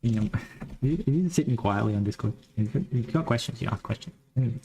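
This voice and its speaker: A man's voice: medium pitch, lively intonation, brisk, mellow, a little hiss or hum, rough recording. Rambling Western Australian man, thinking aloud. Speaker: game developer streamer. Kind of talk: live coding stream chat.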